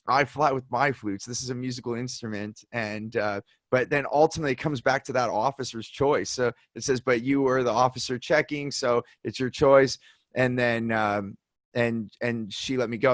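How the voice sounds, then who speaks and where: A man hosting a podcast, chatting casually and telling animated stories, acting out the people he quotes. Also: mid-range voice, no room sound, studio quality. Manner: animated storyteller, acts out quoted voices. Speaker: podcast host. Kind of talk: casual conversation, storytelling.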